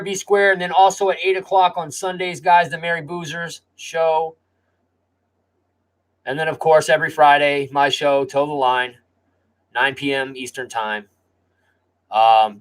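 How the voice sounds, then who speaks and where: A man's voice: fairly high pitch, a bit bright, rough recording. A man hosting a live stream, chatting casually in a rambling, laid-back way.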